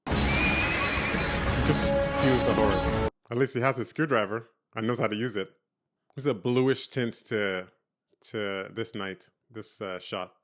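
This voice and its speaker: Low-voiced man reacting to a TV episode. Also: takes it slowly, loud music behind the voice. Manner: rambling, thinking aloud. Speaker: reaction video host. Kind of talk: casual reaction commentary.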